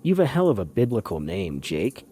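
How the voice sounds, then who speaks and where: A man's voice: on the low side, huge pitch swings, moderate pace, dark tone, husky, heavily acted. A man reading a breezy, flippant English society woman in an audiobook, with clipped, airy upper-class phrasing. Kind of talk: audiobook character voice.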